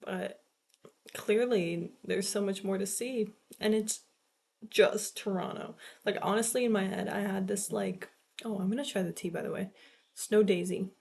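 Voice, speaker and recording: A woman's voice: medium pitch, moderate pace, gravelly, darkish tone. A young woman in her late teens chatting casually in a vlog, rambling and swearing, with lots of "like" filler. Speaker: vlogger. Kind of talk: casual chat.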